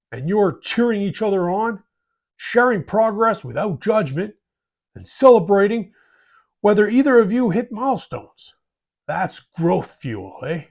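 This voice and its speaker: A man's voice: high voice, animated, moderate pace. A man hosting a hobby advice talk in a folksy way, tagging his sentences with friendly asides. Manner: folksy, tags sentences with "eh" and "bud". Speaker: host.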